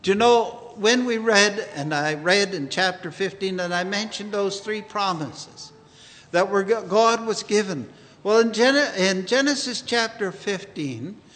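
A man preaching a sermon in an earnest, unhurried way, quoting scripture often. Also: high voice, a bit bright, big-room sound.

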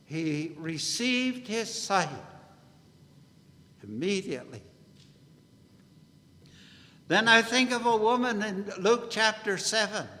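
A man preaching an earnest gospel sermon at a meeting, in a deliberate, measured way. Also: high-pitched, lively intonation, sharp tone. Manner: earnest, slow and deliberate preaching, biblical phrasing. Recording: long hall reverb.

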